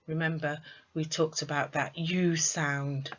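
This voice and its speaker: A woman teaching an online lesson, speaking slowly and clearly and quizzing her students. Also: on the low side, a bit bright, muffled recording. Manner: slow, clear teacher's delivery with quizzing questions. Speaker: English tutor.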